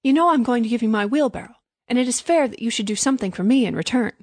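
Hearty, selfish storybook miller, raised and loud, dry close sound, as a woman reads him. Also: on the high side, lively intonation, fast talker, no echo, pitched above the performer's own voice. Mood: pleading. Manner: hearty, self-serving pronouncements. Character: greedy, smooth-talking male miller.

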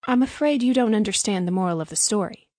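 A woman's voice: mid-range voice, quick pace, darkish tone, no room sound, natural voice. A woman voicing an airy, dismissive little bird in a storybook reading. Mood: breezy.

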